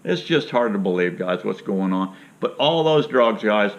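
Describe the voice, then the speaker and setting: A man's voice: fairly low pitch, expressive, moderate pace. A man from Florida telling a rambling, jokey story to his viewers in a folksy, casual way. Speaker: vlogger. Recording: dull lo-fi sound.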